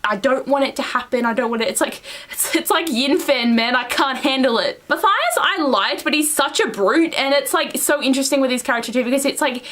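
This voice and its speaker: A young woman reviewing a book in a casual, gushing and rambling way, full of fillers and excited outbursts. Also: sits high, a little fast. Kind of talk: casual chat.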